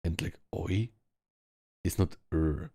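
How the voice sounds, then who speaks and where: Deep gravelly man with German accent. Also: slow, mellow, dry recording, clean studio sound. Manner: rambling, lots of "like" fillers, practicing word sounds aloud. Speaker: VR social game player. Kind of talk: casual chat. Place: online virtual world, speaking from home.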